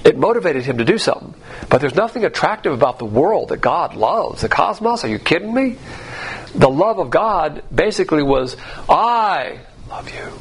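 A man delivers a sermon in a gravelly, husky voice that sits a little high for a man. He is emphatic and sarcastic, mocking the views he quotes. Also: sing-song, brisk. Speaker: Bible teacher.

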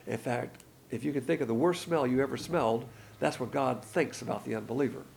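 A man's voice: medium pitch, a little fast, gravelly, darkish tone. A man giving a Bible study lesson, explaining scripture and stressing words with his voice to make his points. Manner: explanatory, shifts emphasis with his voice to illustrate points. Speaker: Bible teacher.

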